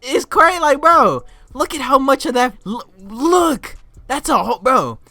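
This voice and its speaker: Excitable high-voiced young man ranting. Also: unhurried, no room sound. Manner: excitable, swears often, bursts into shouts and laughter. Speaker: vlogger. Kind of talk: casual storytime rant.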